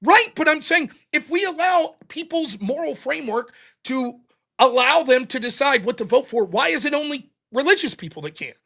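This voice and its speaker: A man hosting a debate show, recapping a heated debate in a casual, profane, animated way and quoting his opponent. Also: very high-pitched, normal speed, creaky. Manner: animated, profane, quotes opponents in mocking voices.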